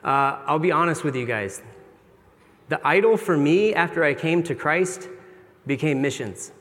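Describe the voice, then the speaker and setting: A man's voice: fairly high pitch, animated, a little slow, a bit bright. Earnest male preacher in a reverberant hall. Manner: earnest, confessional, conversational preaching. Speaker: pastor. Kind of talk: sermon. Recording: long reverb of a large hall.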